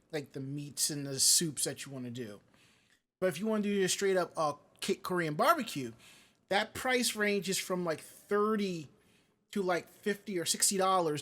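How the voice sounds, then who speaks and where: A man with a notably high-pitched voice talking loosely on a live-streamed show. He drifts from one tangent to the next and stops to read out chat messages, all in easy casual chat. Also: a bit bright. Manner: rambling, digressive, reads chat comments aloud. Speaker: podcast co-host.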